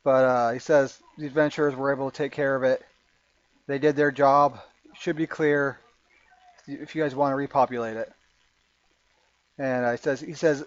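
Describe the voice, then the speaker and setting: A man's voice: medium pitch, steady tone, normal speed, long pauses, no room sound. A man running a tabletop game as game master, narrating with many fillers and restarts. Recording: dull lo-fi sound.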